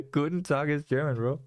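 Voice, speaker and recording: A man hosting a live trading stream, talking viewers through a chart with animated, coaxing commentary and repeated rhetorical questions. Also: a little high, dry recording, studio quality. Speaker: livestream trading host.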